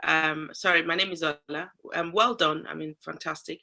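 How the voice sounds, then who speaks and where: A woman's voice: deep voice, fairly even intonation, normal speed, vocal fry, bright, forceful tone. A woman from London joining a workshop discussion, hesitant at first and then emphatic as she argues her point. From London, England. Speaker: workshop participant.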